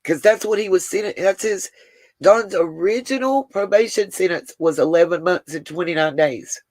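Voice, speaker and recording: A woman's voice: lowish voice, normal speed, a little mellow, dry recording. A woman hosting a casual livestream, talking to viewers by name and getting emotional. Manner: talks to chat viewers by name, Southern "y'all". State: emotional, close to tears. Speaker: livestream host.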